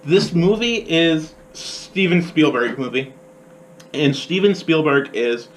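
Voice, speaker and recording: Young guy on college radio gushing about a movie, kinda high voice, rambly. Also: slow pace, slight background noise, low-quality recording. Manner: enthusiastic, rambling, fond of quoting scenes. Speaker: college radio show host. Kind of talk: casual film review.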